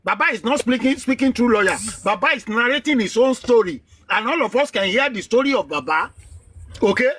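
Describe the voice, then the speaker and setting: A man's voice: very high-pitched, lively intonation, a little fast, fairly bright tone, slightly rough. A man arguing emphatically in an online live debate. He lectures and hammers home the same phrases. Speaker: debate participant.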